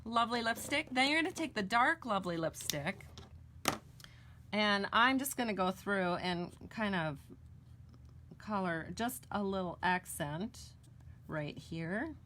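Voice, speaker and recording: Woman, American accent, middle-aged, crafting tutorial, chatty, self-correcting, mid pitch. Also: animated, a little slow, bright, forceful tone, a little hiss or hum. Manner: chatty, homey and self-correcting while coloring. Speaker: card-making demonstrator. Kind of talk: casual crafting tutorial with chat.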